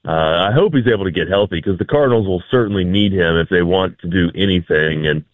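Male sports guest, lowish voice, laid-back and wry, tinny phone line. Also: quick pace, dry recording. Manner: easygoing, dry humor, many fillers. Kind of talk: casual sports talk.

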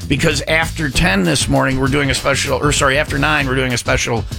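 A man's voice: mid-range voice, fairly even intonation, brisk, vocal fry, over music. A man from Wisconsin hosting a morning radio show, joking around and rambling, often correcting himself mid-sentence. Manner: jokey, rambling, self-correcting. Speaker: radio host.

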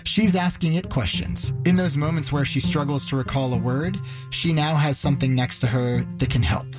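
A man narrating a news story with lively, conversational storytelling. His pitch sits in a middle range, and soft music plays faintly behind him. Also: moderate pace. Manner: conversational, vivid retelling. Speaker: reporter.

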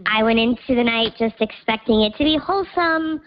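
Woman caller, voice changer, high pitch, hesitant, dull lo-fi phone sound. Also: brisk. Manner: hesitant, embarrassed. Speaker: anonymous caller. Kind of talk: phone-in confession.

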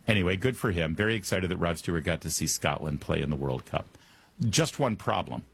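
Wry, husky-voiced male talk radio host. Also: sits low, a little fast. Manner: wry, joking, animated asides. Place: Washington, D.C. studio.

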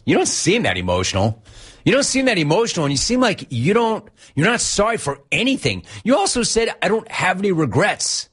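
A man's voice: high-pitched, wildly swooping pitch, a little fast, a bit bright, slightly rough. A man hosting a sports radio show, ranting sarcastically and incredulously at a player. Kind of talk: ranting sports talk monologue.

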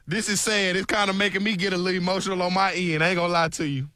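A man's voice: high voice, steady tone, fast, bright, forceful tone, no room sound, studio quality. A man playing a stern police officer on a prank call, drawling and repeating "ma'am" as he questions a mother. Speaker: radio prank-call co-host. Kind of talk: prank call role-play.

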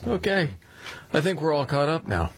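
A man hosting a radio talk show, chatting casually and lively, slipping into mocking voices. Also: on the high side, moderate pace, slight background noise. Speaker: radio host.

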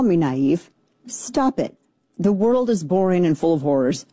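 A woman talk host with a mellow, warm voice, riffing through casual comedic commentary. She slips into sarcastic, animated mock excitement, recorded close and dry. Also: fairly low pitch, normal speed, dry recording.

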